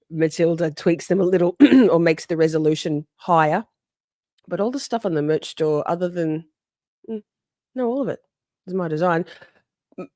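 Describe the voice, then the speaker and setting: Woman, livestream host, casual chat, lowish voice, sassy, laughs a lot, swears, dry close sound. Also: a little mellow, no room sound. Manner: chatty, reads viewer comments aloud and answers them.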